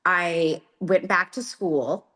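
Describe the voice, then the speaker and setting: A woman's voice: on the low side, a bit bright. A woman in her forties, a guest on a podcast, speaking openly and reflectively in casual conversation. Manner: open, reflective, measured. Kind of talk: casual interview chat.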